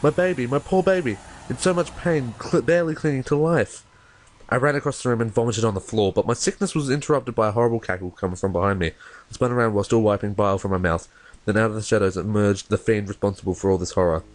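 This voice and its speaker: A man's voice: fairly low pitch, fast, close to an everyday voice. A man reading as a horror-struck young mother. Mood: horrified. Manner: first-person reading with stumbles. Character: grief-stricken young mother telling her tale. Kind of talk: reading a horror story aloud.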